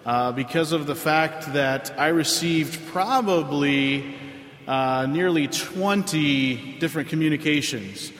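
A pastor preaches a sermon to his congregation in a relaxed, conversational way, pausing often on fillers. His voice sits a little higher than most men's. The recording has a roomy church-hall sound with a long reverb trailing each phrase. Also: slight background noise. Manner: conversational, with frequent filler pauses. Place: church sanctuary.

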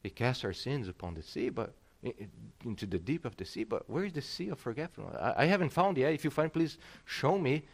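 A middle-aged male pastor preaching a sermon, emphatic and animated, often restarting his words. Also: mid-range voice, fairly quick, few pauses.

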